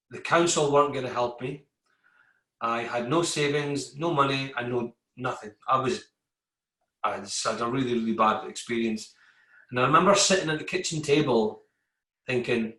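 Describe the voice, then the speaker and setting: Forceful man in an echoey room. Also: mid-range voice. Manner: animated storytelling, acts out exchanges with coworkers. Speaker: guest, army veteran. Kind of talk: candid podcast conversation.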